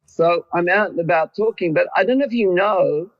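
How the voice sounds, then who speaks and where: A man's voice: high-pitched, normal speed, lo-fi sound. An Australian man interviewing a guest, effusive and rambling as he builds his questions. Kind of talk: conversational interview.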